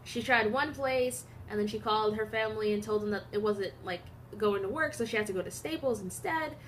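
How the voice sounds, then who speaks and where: A woman's voice: medium pitch, a little fast, a little hiss or hum. A young American woman vlogging, telling a story casually with many digressions and fillers. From United States. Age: young adult.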